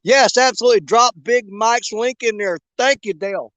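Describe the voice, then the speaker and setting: A man's voice: high voice, moderate pace, fairly bright tone, dry recording. A man hosting a fishing livestream from a riverbank outdoors, chatting casually in a folksy, joking, rambling way. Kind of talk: casual live chat while bank fishing.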